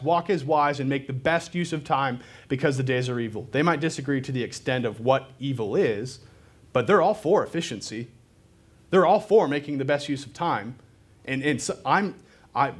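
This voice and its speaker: A man with a voice on the high side preaches a sermon to a live congregation. His delivery is loose and conversational, with fillers and self-deprecating asides.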